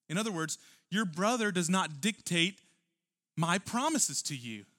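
A man's voice: fairly high pitch, very animated, normal speed, pushed and bright. A man preaching a church sermon, earnest and emphatic, full of rhetorical questions. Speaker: pastor.

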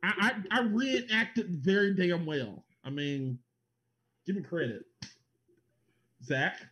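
A man's voice: high-pitched, takes it slowly, fairly bright tone. A man co-hosting a casual podcast, laughing often and swearing as he jokes with friends. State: numb mouth. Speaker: podcast co-host.

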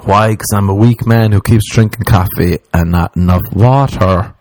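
A man's voice: fairly low pitch, moderate pace, darkish tone. A young man riffing in a crude, rambling, self-mocking comic monologue, jumping into mock voices for the people he quotes. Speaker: comedian. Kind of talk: stand-up style comic monologue.

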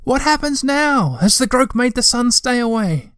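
Man putting on a young troll for a storybook, high, eager and exclaiming. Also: lively intonation, normal speed, fairly bright tone, a little hiss or hum. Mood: anxious. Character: young excitable male troll creature.

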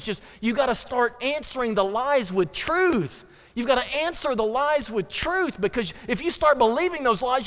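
In a church sanctuary, a male pastor with a high voice delivers a sermon, preaching animatedly and then dropping dramatically into quiet, earnest lines. The hall adds a long reverb.

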